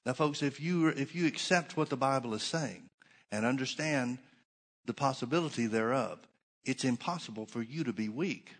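A middle-aged male pastor preaching a Bible sermon, stressing key phrases by slowing down and repeating them. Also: medium pitch. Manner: preaching with shifting emphasis, slows to stress points.

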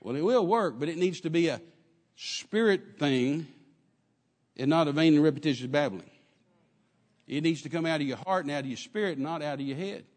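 A man preaching a sermon in an animated way, acting out quotes and dropping at times to a soft murmur. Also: on the high side, normal speed, long pauses, in a large hall. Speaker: pastor.

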